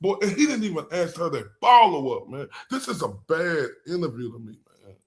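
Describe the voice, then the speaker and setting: A man's voice: a little high, lively intonation, a little fast, a little hiss or hum. A man hosting a live reaction stream, talking bluntly and profanely, mocking what he hears and talking to his chat.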